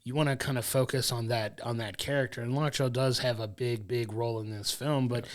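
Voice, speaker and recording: A man's voice: medium pitch, steady tone, brisk. A man co-hosting a podcast, chatting casually and enthusiastically about a film in long rambling sentences. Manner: enthusiastic, rambling, laughs along. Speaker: podcast co-host. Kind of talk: casual film review chat.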